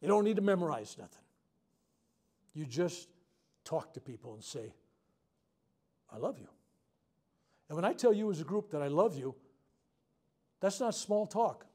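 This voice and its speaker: Man, reverend running a workshop; warm, mellow, slightly high voice, frank heartfelt storyteller who bursts loud at dramatic points. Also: unhurried, pauses often. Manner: animated storytelling, loud outbursts at dramatic moments. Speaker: reverend leading a self-healing workshop. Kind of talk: storytelling talk to a live group. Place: workshop room with a live audience.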